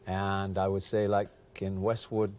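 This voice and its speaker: A man's voice: low-pitched, level tone, measured pace, darkish tone. Mild, hesitant man in a TV studio. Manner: hesitant, mild, many ums and uhs. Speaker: actor, guest. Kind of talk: casual interview chat.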